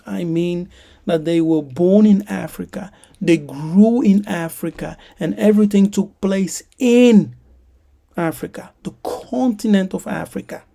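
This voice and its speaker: Lady preaching real slow, soft mellow tone, keeps asking the listeners questions. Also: mid-range voice. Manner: emphatic, asks listeners rhetorical questions. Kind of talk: sermon-like teaching.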